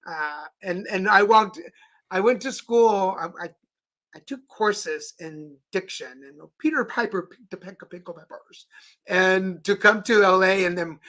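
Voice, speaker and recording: A man hosts a casual live-stream chat with a bright, forceful tone. He tells stories in an animated, playful way. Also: high voice, a little slow. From Texas. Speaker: host.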